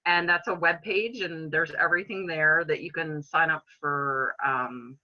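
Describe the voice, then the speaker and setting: A woman's voice: low-pitched, measured pace, dull audio. A middle-aged woman, a reiki practitioner, talking earnestly as a guest in a casual interview, with frequent fillers and restarts.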